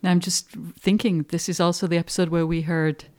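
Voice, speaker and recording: Low mellow-voiced woman host. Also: level tone, brisk. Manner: curious, asks loose rambling questions. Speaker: podcast host. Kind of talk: casual interview chat.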